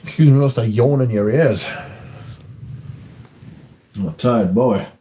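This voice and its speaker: Low-key swearing man. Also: a little slow, mellow. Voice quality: swears freely, rambling anecdotes. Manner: chatty, repeats filler words. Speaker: livestream host. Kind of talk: casual chat with viewers.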